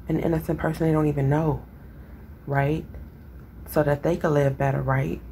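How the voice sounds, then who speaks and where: Low raspy woman with a Chicago accent. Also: warm tone, slight background noise. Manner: rambling, conversational, lots of fillers. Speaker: vlogger. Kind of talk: casual talk to camera.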